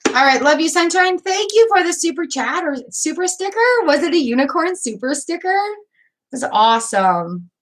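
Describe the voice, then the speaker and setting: A woman's voice: high voice, big pitch swings, moderate pace. A woman giving tarot card readings on a live stream, encouraging and chatty, repeating words and using fillers as she goes. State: hiccups. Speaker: tarot reader.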